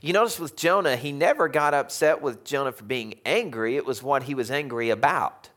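A man's voice: medium pitch, brisk, fairly bright tone. A man preaching a sermon as pastor, conversational, with wry humorous asides and rhetorical questions to the congregation.

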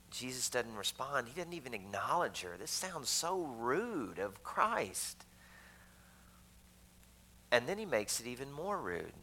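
A man delivers a sermon in a church sanctuary with a bright, forward voice. His tone is conversational and he drops joking asides to the congregation, turning to the crowd to keep them engaged. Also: mid-range voice, big pitch swings, measured pace, a little hiss or hum, poor audio. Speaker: pastor.

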